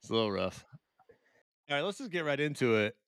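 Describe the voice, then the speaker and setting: A man's voice: mid-range voice, big pitch swings, fast, fairly bright tone, dry recording, studio quality. A man co-hosting a podcast, joking around and ribbing the guest in casual chat. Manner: joking, ball-busting banter. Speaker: podcast co-host.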